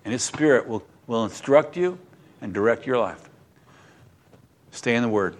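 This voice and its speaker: A male pastor preaching a sermon, telling Bible stories with lively acted-out lines and closing in earnest prayer. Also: mid-range voice, normal speed. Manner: animated storytelling, acting out voices, then quiet earnest prayer.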